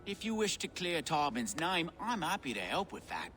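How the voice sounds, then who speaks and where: An actor playing a sly, charming male swindler in a video game, smooth-talking and mocking. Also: on the high side, big pitch swings, moderate pace, bright, forceful tone, a little hiss or hum.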